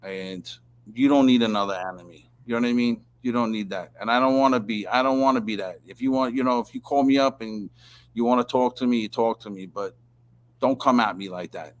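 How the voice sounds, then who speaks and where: In a casual chat, a male guest storyteller rambles through his tales, swearing and starting over again and again. His mid-range voice moves fairly quickly.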